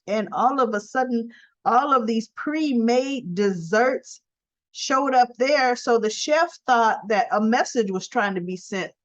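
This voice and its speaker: A woman recapping a soap opera episode in a chatty, rambling way full of fillers and asides. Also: on the high side. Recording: dull lo-fi sound.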